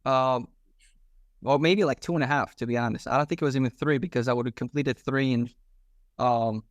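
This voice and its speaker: A former police officer in his thirties tells a story as a podcast guest, casual, slangy and animated, acting out the dialogue. His voice is mid-range and a little fast, with no echo.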